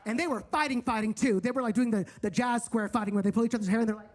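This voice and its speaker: A man's voice: very high-pitched, racing, few pauses, background noise. Campy flamboyant guy doing stand-up on a comedy stage, chatty with the crowd. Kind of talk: stand-up storytelling.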